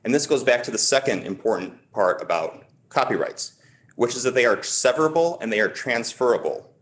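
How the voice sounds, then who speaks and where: A man arguing for the petitioner before a high court, measured and emphatic, stressing key words as he builds his case. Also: animated. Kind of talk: formal appellate oral argument.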